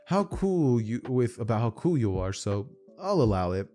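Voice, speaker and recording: A man's voice: medium pitch, big pitch swings, normal speed, warm tone, faint music behind, close to an everyday voice. A man voicing a small, polite animal school principal with a formal manner. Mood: genial.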